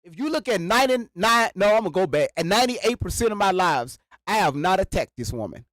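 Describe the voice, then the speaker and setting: A man streaming live rants briskly at his chat in a high, bouncing, animated voice, calling to viewers again and again. He's close-miked in a dry, dead room with no room sound, and his reactions are repetitive.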